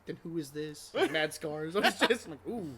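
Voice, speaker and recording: A young man co-hosting a podcast, tipsy, telling a prank story with loud laughs, swearing and acted-out quotes. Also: fairly high pitch, lively intonation, normal speed. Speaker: podcast co-host. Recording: noisy home recording.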